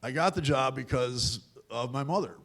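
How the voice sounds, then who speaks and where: A man's voice: mid-range voice, expressive, normal speed, fairly bright tone. Man telling a candid life story on stage. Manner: candid, self-deprecating, acts out quoted voices. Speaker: guest speaker at a youth event. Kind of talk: personal storytelling talk. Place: large event hall at a university.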